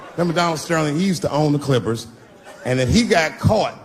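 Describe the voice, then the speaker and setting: A middle-aged man doing a live stand-up routine, punchy and profane, swinging between loud bursts and low asides. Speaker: stand-up comedian. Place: comedy stage before a live crowd. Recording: noisy live stage recording with audience.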